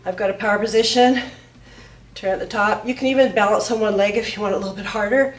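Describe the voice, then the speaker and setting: A woman fitness instructor coaching a follow-along home workout, cueing each move as she exercises and getting breathy between sets. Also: mid-range voice, steady tone, fast talker, distant mic. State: out of breath at times. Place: home workout studio, indoors. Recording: echoey room, voice off-mic.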